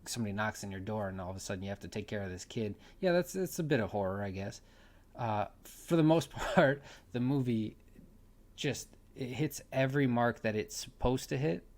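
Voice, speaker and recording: A man giving a casual spoken movie review, rambling, repeating himself and laughing now and then. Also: fairly low pitch.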